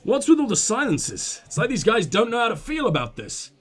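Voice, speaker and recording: A man hosting a let's play of a detective game, excitable, swearing and laughing as he reads dialogue aloud. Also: high-pitched, brisk, husky, soft background music. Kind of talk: gaming commentary and reading dialogue aloud.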